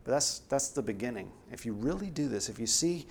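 A man's voice: medium pitch, lively intonation, brisk, few pauses, darkish tone. A man preaching a sermon in an earnest, emphatic way, pressing hard on key words.

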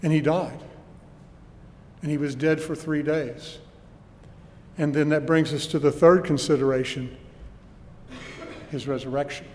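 A man's voice: fairly high pitch, steady tone, unhurried, long pauses, a little mellow, in a large hall. A man preaching a sermon with earnest emphasis and rhetorical questions, recorded in a church.

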